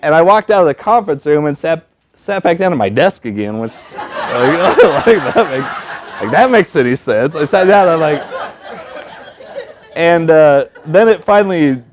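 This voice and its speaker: A man at a storytelling event, telling a personal story in an animated, self-mocking way and acting out the people he quotes. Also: a little high, a little slow, a crowd in the background.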